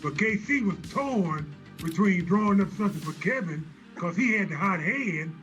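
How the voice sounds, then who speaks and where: A man's voice: high-pitched, animated, normal speed, fairly bright tone, faint music behind. A man telling amused anecdotes in an interview clip. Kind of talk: storytelling in interview.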